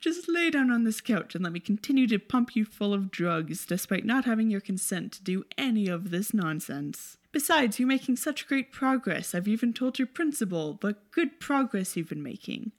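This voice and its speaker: A woman's voice: mid-range voice, big pitch swings, moderate pace, hardly any pauses. A woman voicing a scheming male doctor who talks in a soothing, dismissive way. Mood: smug.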